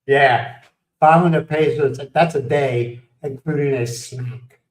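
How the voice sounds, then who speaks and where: A man's voice: mid-range voice, steady tone, slow, reverberant, recorded from a distance, low-quality recording. A man from the United States hosting a livestream, chatting casually, telling rambling stories, laughing and greeting viewers by name. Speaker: livestream host. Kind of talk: casual chat.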